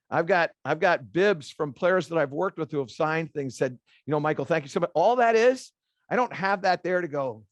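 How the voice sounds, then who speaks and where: A middle-aged man, a golf instructor, speaking to a room of golf teachers as an animated storyteller who repeats phrases for emphasis. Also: fairly high pitch, no echo.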